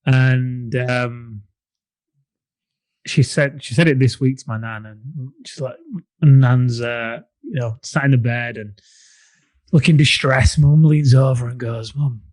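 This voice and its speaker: A man's voice: medium pitch, steady tone, unhurried, long pauses, a little mellow, dry recording. A man co-hosting a podcast, chatty and telling stories with a laugh. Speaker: podcast co-host. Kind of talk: casual podcast chat.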